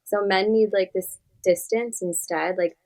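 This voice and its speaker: A woman's voice: mid-range voice, steady tone, measured pace, a little mellow, low-quality recording. A woman therapist talking as a podcast guest, giving direct, earnest advice and often saying "like". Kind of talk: podcast interview conversation.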